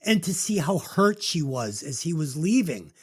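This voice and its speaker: Choked-up podcast co-host with a lively voice. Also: mid-range voice, moderate pace, husky. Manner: emotional, choked up, swears casually. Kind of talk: casual movie review chat.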